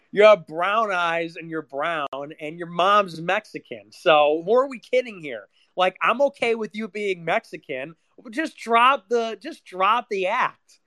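A man's voice: high voice, sharp tone, no echo. A young man from Chicago, a political commentator in a sarcastic, profane solo rant. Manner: sarcastic, profane, rapid-fire.

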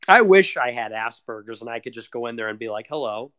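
A man's voice: medium pitch, animated, quick pace, bright, forceful tone, clear, resonant tone, dry recording, studio quality. Rambling, foul-mouthed young man venting. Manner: rambling, profane, self-deprecating. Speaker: vlogger. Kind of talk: casual confessional monologue.

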